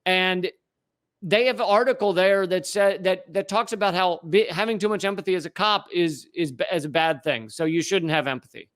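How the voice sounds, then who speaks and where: A man's voice: high-pitched, normal speed, fairly bright tone. A man co-hosting a comedic podcast, telling stories casually with frequent restarts and swearing. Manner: storytelling with frequent restarts, swears, laughs easily. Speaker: podcast co-host.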